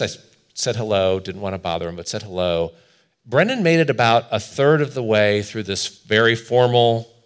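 Pastor, male, low-ish voice, earnest storytelling sermon delivery.

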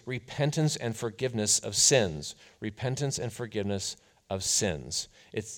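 A man preaching a sermon as a pastor, telling the story in a conversational, animated way. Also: medium pitch.

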